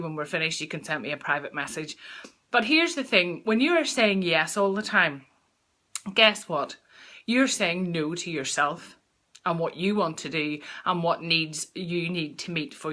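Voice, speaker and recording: A woman coaching viewers in a live-streamed talk, speaking directly and casually and often restarting her sentences. Her voice sits slightly low but has a bright, forward edge. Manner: chatty, repeats and restarts, addresses viewers directly. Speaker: mindfulness coach presenting a weekly talk.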